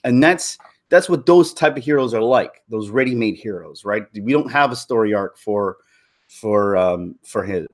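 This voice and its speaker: A man's voice: expressive, moderate pace. Rambling male movie commentator. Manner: rambling, self-interrupting, laughs often, mimics characters in a high voice. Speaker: YouTuber. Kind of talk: casual commentary.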